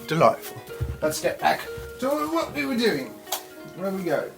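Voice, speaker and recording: A reptile keeper vlogs casually to camera from the snake room in her home, playful and chatty as she sweet-talks her animals. Her mid-range voice is sing-song, unhurried and creaky, heard over loud music on a rough recording.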